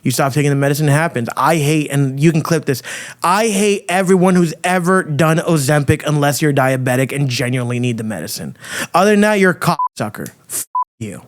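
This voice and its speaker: A man hosting a podcast, delivering a loud, crude, provocative rant full of swearing. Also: on the high side, lively intonation, a little fast. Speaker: podcast host. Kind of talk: ranting monologue.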